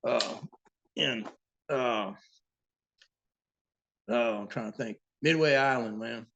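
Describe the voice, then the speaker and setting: List: man, boat captain, casual sea stories, salty and animated, swears freely. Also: mid-range voice, slow, creaky, dull audio. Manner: profane, animated sea-story telling. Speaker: boat captain and interview guest. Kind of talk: casual storytelling.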